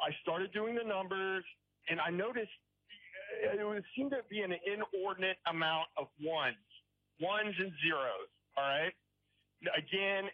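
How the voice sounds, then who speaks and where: A rambling male caller comes through a tinny, dry phone line, his voice sitting fairly high for a man. He hesitates and restarts, and keeps checking in with the host as he tells his story. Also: no room sound. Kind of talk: call-in radio story. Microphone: telephone.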